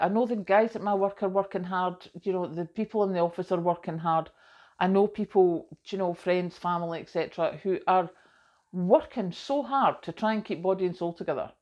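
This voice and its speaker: A middle-aged woman talks casually to camera with a somewhat low voice. She rambles through her day with frequent asides and gentle self-mockery. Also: highs cut off. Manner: chatty and rambling, self-deprecating, often says "do you know". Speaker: vlogger.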